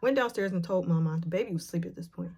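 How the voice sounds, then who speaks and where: A woman vlogger retelling a painful memory, emotional and nervous, with halting speech full of fillers and restarts. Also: lowish voice, a little mellow, breathy edge. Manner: retells scenes by acting out the quotes. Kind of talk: personal storytelling to camera.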